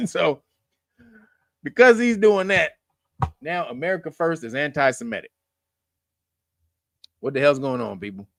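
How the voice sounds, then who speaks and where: A man's voice: fairly high pitch, very animated, unhurried, vocal fry, long pauses, a bit bright, dry recording, studio quality. A man hosting his own channel, giving casual political commentary in a loose, profane, joking way and laughing at his own lines. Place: lives in California.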